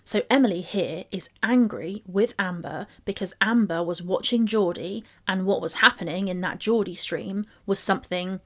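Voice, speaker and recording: A woman's voice: mid-range voice, normal speed, few pauses. Woman reading texts aloud. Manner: reads screenshots aloud and picks them apart. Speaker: commentary YouTuber. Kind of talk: commentary on text messages.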